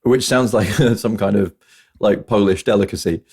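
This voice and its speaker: A man's voice: fairly low pitch, moderate pace, darkish tone, husky. A man hosting a casual film review podcast, chatty and full of trivia, quoting lines in put-on voices. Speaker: podcast host.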